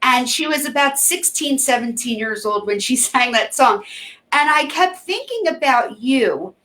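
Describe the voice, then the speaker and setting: A woman hosting a relaxed interview, circling around her questions with fillers and restarts. Her voice sits a little higher than most. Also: a little slow. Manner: warm, rambling questions with many fillers. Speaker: host. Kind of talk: casual interview chat.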